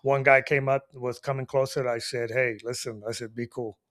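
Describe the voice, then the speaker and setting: A man hosting and telling a bar story to an audience, animated and laughing often, with frequent "you know what I mean". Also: mid-range voice, normal speed. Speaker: storyteller host.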